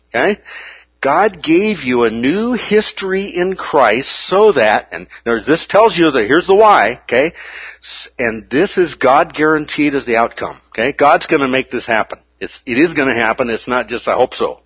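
A man teaching a sermon on a Bible passage, animated, with playful asides and acted-out exclamations. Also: a little high, husky, no echo, highs cut off.

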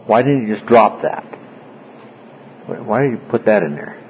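A man's voice: fairly low pitch, lively intonation, measured pace, dull audio, slight background noise. A man leading a classroom Bible study, explaining word by word and often checking in with his class. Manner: explanatory, asks frequent check-in questions.

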